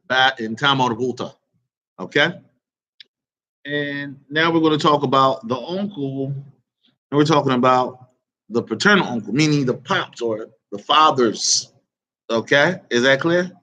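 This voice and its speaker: A man teaching an Arabic vocabulary lesson, quizzing his students and repeating each word slowly. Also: medium pitch, bright, forceful tone. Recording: dull lo-fi recording.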